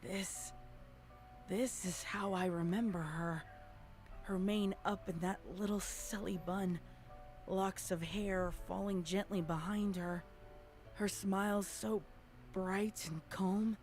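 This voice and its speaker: A woman narrating an audio drama as a young pony mare overcome by guilt, speaking in a halting, stammering way. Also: mid-range voice, fairly even intonation, a little mellow, soft background music, natural voice. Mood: shaken.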